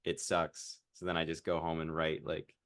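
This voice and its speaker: A man's voice: extremely low pitch, monotone, normal speed, fairly bright tone, dry recording, clean studio sound. A man in his mid-twenties, a podcast guest, chatting casually with lots of fillers and laughing at himself. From Iowa. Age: 20s. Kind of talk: casual interview chat.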